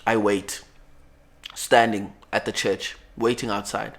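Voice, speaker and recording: A young man from South Africa telling a story to camera, animated, acting out the dialogue and dropping to low murmurs. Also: slow, gravelly. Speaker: vlogger.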